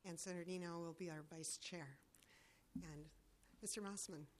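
A woman chairing a legislative finance committee, speaking in a measured way with frequent fillers and restarts. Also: on the low side, steady tone, very noisy. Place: hearing room.

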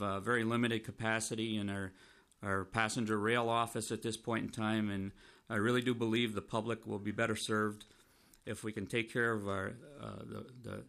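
A man, a state transportation commissioner giving formal testimony to a committee. He is losing his voice and keeps clearing his throat, and he speaks in a measured way with restarts. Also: lowish voice, a bit bright.

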